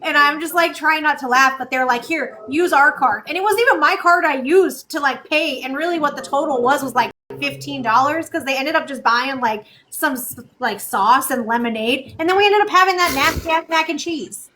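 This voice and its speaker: High-voiced woman telling stories, noisy stream. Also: fairly quick, hardly any pauses, sharp tone. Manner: laughing storyteller, quotes producers. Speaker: reality show cast member. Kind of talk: casual livestream chat.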